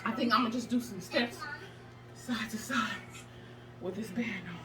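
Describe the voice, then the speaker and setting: Brief: emphatic, breathless woman hosting a workout vlog, high-pitched, recorded at a distance over clear music. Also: normal speed. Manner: sassy, preachy, emphatic, laughs often. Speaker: plus-size fitness vlogger. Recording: distant mic with music behind.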